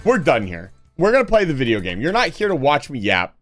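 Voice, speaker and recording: A young man talks to his live-stream chat, acting angry as a joke and then reassuring everyone. His voice sits a little high and jumps around in lively swings. Faint music plays quietly behind him. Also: a little fast. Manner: mock-angry joking that turns earnest.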